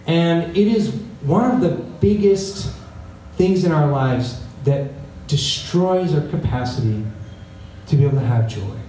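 A man's voice: fairly high pitch, lively intonation, unhurried, warm tone, a little hiss or hum. A man delivering a conversational sermon as a pastor, often checking in with the congregation by asking "right?". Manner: conversational preaching with frequent "right?" asides. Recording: echoey room, voice from a distance.

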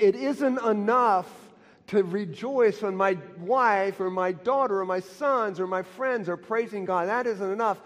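Male pastor, middle-aged, high voice, passionate sermon, long church reverb. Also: moderate pace. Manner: passionate, rising to emphatic peaks. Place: church sanctuary.

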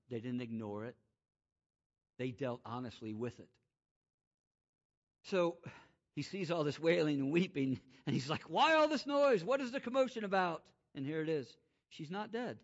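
Animated preacher man, muffled lo-fi recording. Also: medium pitch. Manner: dynamic, swings from loud rising exclamations to quiet hushed emphasis. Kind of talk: sermon. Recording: muffled lo-fi sound.

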